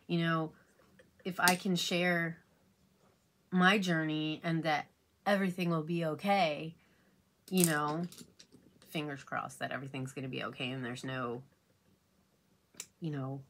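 A beauty vlogger does her makeup while chatting casually, rambling and confiding with lots of fillers like "you know what I mean". Her voice is deep and fairly bright.

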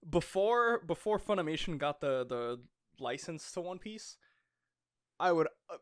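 A man's voice: fairly high pitch, expressive, unhurried, clear, resonant tone. A young man co-hosting a podcast, chatting eagerly and laughing often, with lots of fillers. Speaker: podcast co-host. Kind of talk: casual chat.

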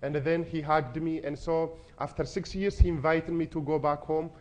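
A man's voice: on the high side, steady tone, normal speed, a little mellow, dull audio. A young man from Ethiopia, giving an earnest, emotional personal testimony to an audience. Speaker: speaker.

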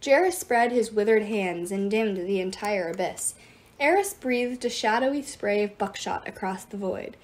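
A woman reading a novel aloud as the narrator, in an expressive, dramatic way. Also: medium pitch, normal speed. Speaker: audiobook reader. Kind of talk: storybook narration.

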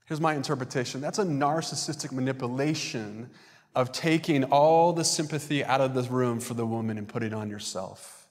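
Male pastor, mid-pitched, conversational sermon delivery, recorded in a reverberant church sanctuary. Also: brisk. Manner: conversational preaching, acts out quoted voices.

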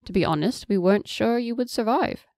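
Careful high-ranking lady, reassuring and gentle, voice pitched up a bit, a woman reading her part. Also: animated, brisk, dry recording, clean studio sound. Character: cautious woman of high rank.

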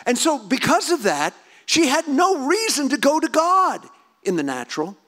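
A male pastor preaching a sermon, building to fervent, near-shouted emphasis. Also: very high-pitched, sing-song, moderate pace.

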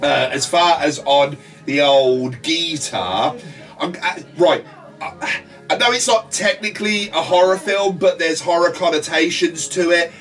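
A man's voice: on the high side, unhurried, a bit bright, recorded from a distance, soft background music. A man co-hosting a horror podcast, chatting casually, swearing a lot and rambling enthusiastically. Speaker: podcast co-host. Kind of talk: casual chat.

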